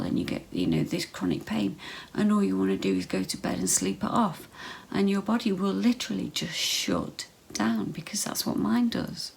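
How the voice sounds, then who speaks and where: A woman's voice: on the low side, vocal fry, low-quality recording. A woman vlogging casual health advice straight to camera, chatty, full of ums and repeated phrases.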